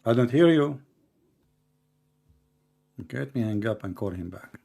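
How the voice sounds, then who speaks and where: Guy running a live call-in stream, gravelly and kinda dark-toned, sarcastic, keeps restarting his sentences. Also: mid-range voice, expressive, unhurried. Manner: mocking and sarcastic, laughs at callers. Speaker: host of a call-in debate stream.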